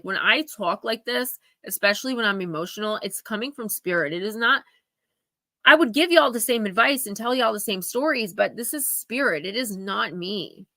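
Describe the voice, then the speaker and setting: A woman reads oracle cards live for her viewers, speaking earnestly and with emphasis as she confides in them. Her voice is bright and forceful, and the recording is dry and close. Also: medium pitch, dry recording. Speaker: oracle card reader hosting a live stream. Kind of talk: live-stream card reading, heartfelt advice.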